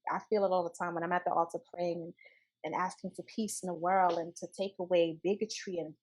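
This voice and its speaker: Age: adult. Sex: woman. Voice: lowish, earnest and emphatic. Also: little pitch movement, fast talker, a little mellow, husky, poor audio. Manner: earnest, emphatic, repeats key phrases. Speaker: interview guest. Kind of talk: casual spiritual conversation.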